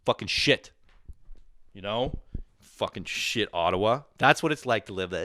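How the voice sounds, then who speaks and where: Lively, low-voiced ranting Canadian man. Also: a little slow, long pauses. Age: 20s. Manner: profane, animated, ranting with bursts of mock voices. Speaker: comedian podcast host. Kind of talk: profane comedic rant.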